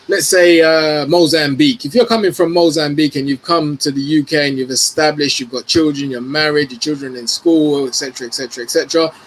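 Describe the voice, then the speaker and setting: A man from the UK argues forcefully on an online debate panel, swearing and pressing to finish his point. His voice sits a little high, with a faint hiss of background noise behind him. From United Kingdom. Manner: forceful, argumentative, profane, insists on finishing.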